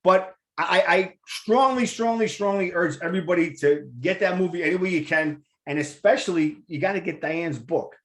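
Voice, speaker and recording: Male host, high-pitched, excitable, rambling, repeats himself. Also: normal speed, few pauses. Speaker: radio show host. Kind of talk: enthusiastic casual interview.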